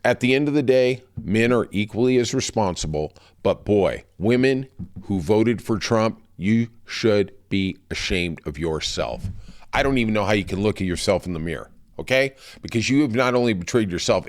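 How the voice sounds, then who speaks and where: A man on a podcast, ranting in heated, profane commentary. His low voice swings widely in pitch as he gets worked up. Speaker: podcast host. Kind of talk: political commentary monologue.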